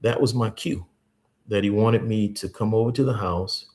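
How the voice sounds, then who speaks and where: A host giving a teaching talk, repeating key points slowly and earnestly, with stories from church life. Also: male voice, on the low side, darkish tone.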